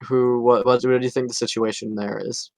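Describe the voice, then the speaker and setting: Male podcast co-host, easygoing chat, frequent laughs, average pitch. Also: flat delivery, a little fast, a little mellow, no room sound, rough recording. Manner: laughs often, trails off and restarts. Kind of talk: casual chat.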